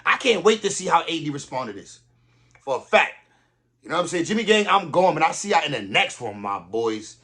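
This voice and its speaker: A young man hosting a reaction video, talking in casual slang with animated disbelief. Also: a little high, brisk, breathy edge.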